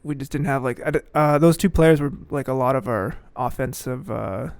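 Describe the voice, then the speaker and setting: A young man telling a sports story on a podcast in a casual, animated way, laughing often and acting out what people said. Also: mid-range voice, normal speed, gravelly, no echo.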